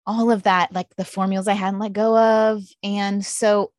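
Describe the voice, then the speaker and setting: A woman's voice: mid-range voice, little pitch movement, normal speed, dry recording, studio quality. A middle-aged woman speaking as a guest in a candid interview, telling stories and acting out her own past thoughts. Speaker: podcast host appearing as guest.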